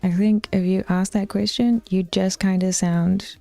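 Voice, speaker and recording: Slow-talking New Zealand woman streamer. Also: medium pitch, fairly even intonation, vocal fry, soft background music. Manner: drops into soft whispered asides, bluntly teasing, often laughing. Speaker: Twitch streamer. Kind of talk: casual chat with viewers.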